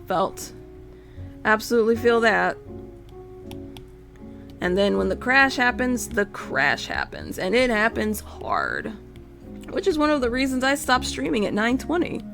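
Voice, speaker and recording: Gravelly-voiced woman streamer chatting while drawing. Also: a little high, wildly swooping pitch, unhurried, pauses often, fairly bright tone, faint music behind. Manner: rambling, self-interrupting, swears casually. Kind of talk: casual live-stream chat while drawing.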